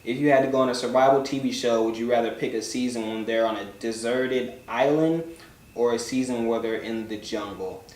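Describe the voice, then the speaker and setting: A man's voice: mid-range voice, steady tone, fairly quick, a little mellow. Laid-back young man, roomy distant mic. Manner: loose, swearing, jokey, trails off into mumbles. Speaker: vlogger answering viewer questions. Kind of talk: casual chat. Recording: roomy, from a distance, faint background noise.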